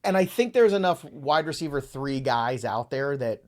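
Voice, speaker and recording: A man's voice: medium pitch, animated, moderate pace. Guy hosting a podcast, average voice, just chatting and running down lists. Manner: rattles off lists of names, thinking aloud. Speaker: podcast host. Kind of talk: casual fantasy football chat.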